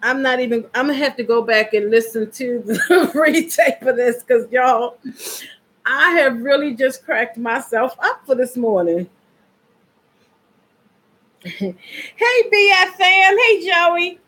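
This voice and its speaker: Slow-talking woman vlogger. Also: on the high side, a bit bright, breathy edge, low-quality recording. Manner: chatty, addresses viewers directly. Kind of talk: casual vlog chat.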